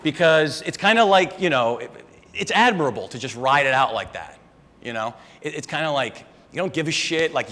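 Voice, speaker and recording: A man's voice: mid-range voice, sharp tone. A young man doing a live stand-up set, rambling and conversational and swearing often. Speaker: stand-up comedian. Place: live comedy venue with audience. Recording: live room reverb, faint background noise.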